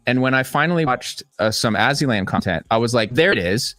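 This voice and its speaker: A man's voice: mid-range voice, animated, fast, a bit bright, dry recording. Wry man commenting on videos, dry sound. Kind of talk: casual commentary.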